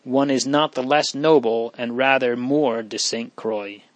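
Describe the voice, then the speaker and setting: A man voicing an earnest, brave young noble boy in an audiobook, with gentle emphasis. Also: medium pitch, fairly even intonation, a little slow, no room sound, close to an everyday voice. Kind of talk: audiobook reading.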